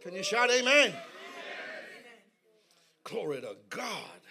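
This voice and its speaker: A man preaching a sermon in a church service, telling humorous stories and leading the congregation in call-and-response that builds to shouting. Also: high voice, very animated, slow, creaky, a crowd in the background, noisy background. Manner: humorous storytelling asides. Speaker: guest preacher.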